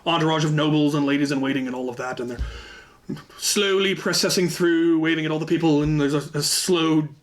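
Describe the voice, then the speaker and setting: A man hosting his own channel, telling an anecdote in a casual, lively way with frequent asides. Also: on the high side, a little fast. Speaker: channel host telling a story. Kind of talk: casual storytelling.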